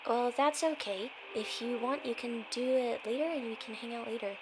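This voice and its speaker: Earnest young boy, high-ish, reassuring and chatty, played by a woman in a tabletop game. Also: moderate pace, over music, lightly acted, rough recording. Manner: sweet, reassuring, rambling.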